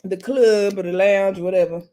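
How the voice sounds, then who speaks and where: A woman's voice: mid-range voice, fairly even intonation, normal speed, mellow, slight background noise. A woman casually recapping a reality TV episode, chatty and laughing often, acting out cast members' lines. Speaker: TV show reviewer.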